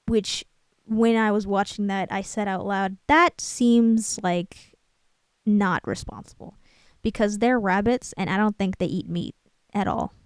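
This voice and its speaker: A young woman talks through a film in a loose, rambling way. She breaks off to hunt for the right word and pokes fun at herself. The sound is dry and close, with her voice sitting at a middle pitch. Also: steady tone, moderate pace, darkish tone, smooth, dry recording. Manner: rambling, self-deprecating, searching for words aloud. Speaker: channel host. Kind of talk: casual film commentary.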